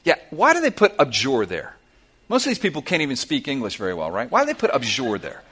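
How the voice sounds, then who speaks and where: A man's voice: medium pitch, wildly swooping pitch, fast talker, a bit bright, breathy edge. A middle-aged man preaching a sermon to his church, impassioned and emphatic, driving points home through repetition. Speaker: pastor.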